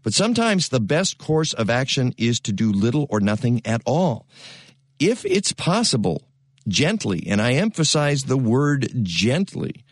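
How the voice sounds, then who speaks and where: A folksy male radio host who keeps things light and jokey as he talks gardening and reads sponsor spots. His voice sits at a middling pitch and sounds dry and close to the mic, with no room sound at all. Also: very animated, a little slow, dry recording. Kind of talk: chatty radio talk and read sponsor spots.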